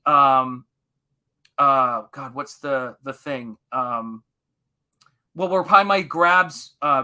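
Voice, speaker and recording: A man hosting a live painting stream, chatting in a rambling, animated way as he reads viewer comments and recalls his teaching days. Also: on the high side. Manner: rambling, animated, quotes movies in put-on voices. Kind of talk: casual chat reading viewer comments.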